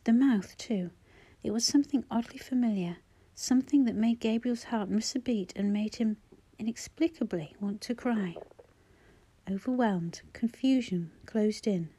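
Audiobook narrator: woman, mellow tone, measured and gentle delivery. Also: mid-range voice, slightly rough. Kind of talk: scripted narration.

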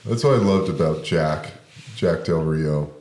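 Deep slow guy saying yeah a lot, echoey room. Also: a little mellow, slight background noise. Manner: agreeing, laid-back interjections. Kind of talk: casual chat.

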